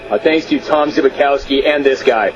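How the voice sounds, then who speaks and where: A man hosting a radio sports talk show, reading listener emails aloud with amused disbelief and drawn-out emphasis. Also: medium pitch, dull audio, over music. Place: radio studio.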